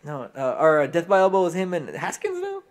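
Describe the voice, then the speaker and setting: A young man co-hosting a casual wrestling podcast, loose and swearing, quick to laugh and quote films. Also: a little high, huge pitch swings. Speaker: podcast co-host. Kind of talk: casual chat.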